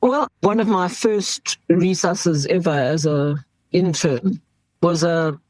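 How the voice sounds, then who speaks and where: A woman's voice: fairly low pitch, slow, darkish tone, no room sound, rough recording. Frank woman doctor. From South Africa. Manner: frank, acts out quoted voices. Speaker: emergency doctor. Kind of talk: candid interview talk.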